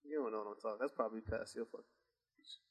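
A man's voice: lowish voice, racing, husky. A young man co-hosting a podcast in casual chat, laid-back, with profane slang. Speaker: podcast co-host.

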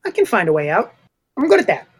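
A man voices a young dragon-blooded adventurer who shrugs off every warning. The voice is breezy and dismissive, sitting a little above his everyday pitch. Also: huge pitch swings, quick pace, breathy edge, heavily acted.

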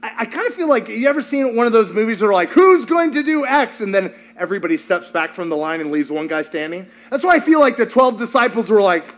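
A male pastor preaching a sermon in a lively, joking way, acting out scenes as he goes. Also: high-pitched, fast, hardly any pauses. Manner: animated, joking, acts out scenes.

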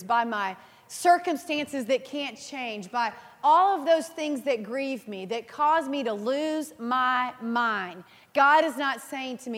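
A woman in her thirties preaching a sermon, earnest and animated, telling personal stories and laughing at herself. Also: high-pitched. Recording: reverberant hall.

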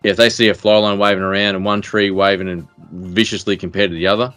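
A man's voice: low voice, level tone, fast, a bit bright, no echo, faint music behind. A man with an Australian accent, co-hosting a podcast in rambling, jokey casual banter full of fillers and restarts. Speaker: podcast co-host.

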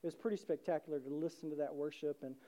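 A man's voice: on the high side, steady tone, fast, mellow. A man preaching a sermon with passionate, rising emphasis. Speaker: pastor.

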